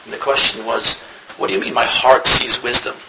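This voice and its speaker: A man's voice: medium pitch, little pitch movement, brisk. A man giving a religious lecture as a rabbi, an earnest storyteller who grows more emphatic as he goes. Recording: noisy recording with clicks.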